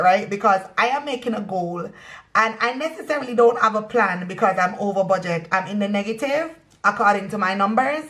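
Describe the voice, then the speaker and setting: A woman's voice: mid-range voice, a bit bright. A young woman with a Caribbean accent, chatting casually to camera about her budget, sassy and playful, slipping into patois. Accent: Caribbean, West Indian patois in places. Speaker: budgeting vlogger.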